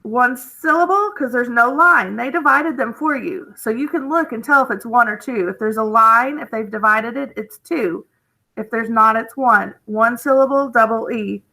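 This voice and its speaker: A woman's voice: on the high side, moderate pace, creaky, sharp tone, rough recording. A woman, teaching a recorded phonics lesson in a chatty, encouraging way and often checking in with "okay?".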